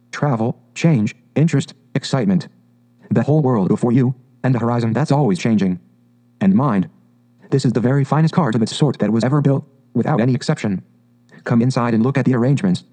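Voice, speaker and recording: A man voicing a boastful, excitable male toad who talks in a grand, gushing way. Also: mid-range voice, lightly acted. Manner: pompous, gushing, exclamatory.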